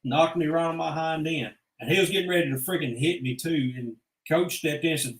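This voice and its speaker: A man's voice: fairly high pitch, brisk. Blunt man in an echoey room. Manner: blunt, rambling, profane. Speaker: vlogger. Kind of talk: casual personal storytelling.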